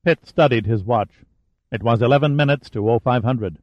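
A man's voice: mid-range voice, moderate pace, no room sound, highs cut off. Male audiobook narrator, dry recording. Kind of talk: scripted narration.

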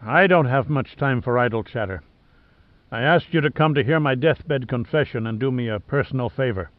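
A man voicing a dying old sea captain, gruff and stubborn, with a rasping, blunt, muttering delivery. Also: medium pitch, normal speed, no echo, phone-quality sound, lightly acted.

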